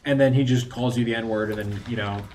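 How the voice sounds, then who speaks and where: A man's voice: medium pitch, steady tone, fairly quick, darkish tone, a little hiss or hum. Rambling male streamer chatting with viewers. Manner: rambling, talks to chat, laughs often. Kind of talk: casual live-stream chat.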